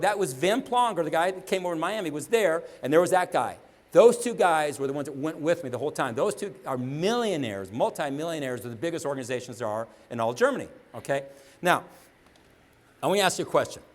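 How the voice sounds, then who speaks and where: A man giving a motivational seminar talk, telling a story and acting out the dialogue, often checking in with the audience. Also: a little high. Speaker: motivational speaker.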